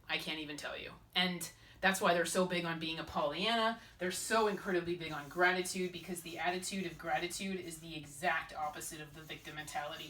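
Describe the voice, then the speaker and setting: A woman chatting in a casual vlog as a spiritual advisor, animated and self-mocking. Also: low-pitched, recorded from a distance.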